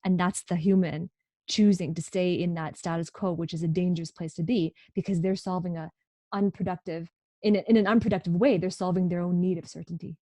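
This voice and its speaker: A woman's voice: on the low side, steady tone, brisk, warm tone, no echo. A woman who is a career educator, a podcast guest, speaking emphatically in a coaching tone and repeating key phrases. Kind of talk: conversational podcast interview.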